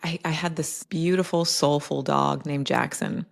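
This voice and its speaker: A woman with a low voice and a gravelly, fry-laden edge speaks as a podcast guest. She tells personal stories in a reflective, unhurried conversational way, leaning on "like" and "right?" as she thinks aloud. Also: steady tone. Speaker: podcast guest, health coach. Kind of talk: casual conversational interview.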